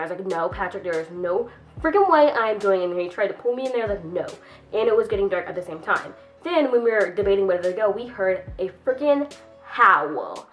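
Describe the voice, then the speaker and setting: A young woman vlogger telling a casual storytime, rambling and filling her sentences with "like". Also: medium pitch. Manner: rambling, heavy use of "like". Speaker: YouTuber.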